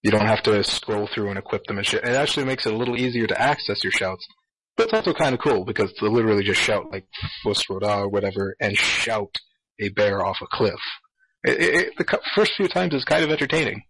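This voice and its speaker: A man's voice: lowish voice, expressive, quick pace, noisy background. A man in casual gaming podcast chat, exasperated and swearing freely as he rants. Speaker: podcast co-host.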